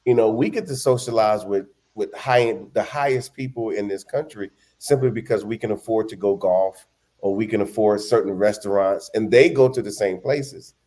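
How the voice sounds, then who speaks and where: A man's voice: on the low side, moderate pace, mellow. A man co-hosting a travel show, talking casually with lots of restarts and emphatic stresses. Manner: rambling, many restarts, emphatic. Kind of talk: casual conversation.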